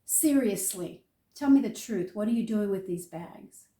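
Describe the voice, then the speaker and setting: A woman's voice: medium pitch, lively intonation, measured pace, dark tone, echoey room, far from the mic, pitched below the performer's own voice, lightly acted. A woman quoting a matter-of-fact male store worker in a plain, offhand way.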